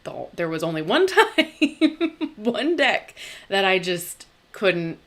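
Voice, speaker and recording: A young woman hosting a tarot live stream, talking casually and bubbly, laughing often and filling pauses with "um". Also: medium pitch, big pitch swings, fairly bright tone. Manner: chatty, bubbly, laughs often, many fillers. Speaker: tarot channel host.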